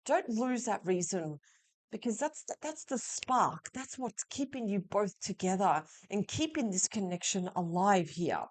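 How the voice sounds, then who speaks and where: A tarot reader delivers her weekly reading, her medium-pitched voice animated and unhurried. She speaks directly to listeners in a comforting, reassuring manner.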